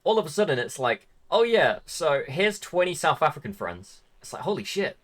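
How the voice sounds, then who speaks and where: A young man with an English accent chats on his stream in a slightly high voice. He is excitable, swears freely and keeps breaking into laughter. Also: moderate pace. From Britain. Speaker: streamer host. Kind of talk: casual interview chat.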